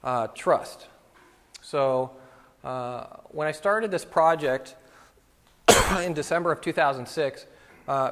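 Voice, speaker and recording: A middle-aged man giving a casual talk to photography students, telling anecdotes and acting out what people said. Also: medium pitch. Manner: storytelling, acts out quoted voices. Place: lecture hall at a photography school. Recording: long reverb of a hall.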